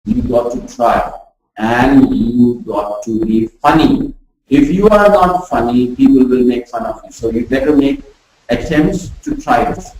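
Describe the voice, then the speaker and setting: A woman teaching a pronunciation lesson, demonstrating sounds with deliberate exaggeration. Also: extremely low pitch, lively intonation, darkish tone. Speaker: communication skills trainer. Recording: very echoey room, voice far from mic.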